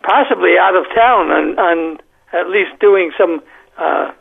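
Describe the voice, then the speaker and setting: A man speaks on a thin, tinny phone line, his voice unusually high with a gravelly rasp. He turns down every request flatly and firmly. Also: unhurried. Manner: firm, flatly refusing. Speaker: prank call target. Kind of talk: phone conversation.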